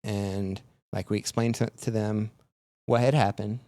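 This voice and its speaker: Low-voiced man telling a rambling story. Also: steady tone, measured pace, mellow, no echo. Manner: rambling, filler-heavy retelling with lots of "like". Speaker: podcast guest. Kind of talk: casual storytelling.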